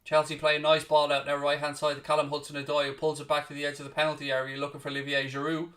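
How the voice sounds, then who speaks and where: A man's voice: fairly high pitch, completely flat delivery, fairly bright tone, recorded from a distance. A man hosting a live football watchalong, calling each pass and snapping back bluntly at his chat. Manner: blunt, snippy with chat, swears freely; rapid play-by-play naming each pass. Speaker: watchalong host.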